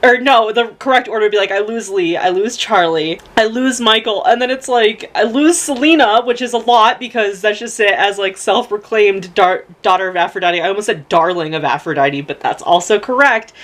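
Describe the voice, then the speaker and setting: A woman's voice: mid-range voice, normal speed, few pauses, fairly bright tone. A young woman rambling emotionally in a casual book review vlog, swearing freely and close to tears. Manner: rambling, gushing, profane, many fillers. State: close to tears, laughing through crying. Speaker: book vlogger.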